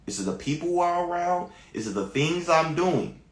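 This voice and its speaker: A man's voice: fairly high pitch, expressive, normal speed, echoey room. A man hosting a live stream as a spiritual coach, giving earnest, encouraging advice in a casual way.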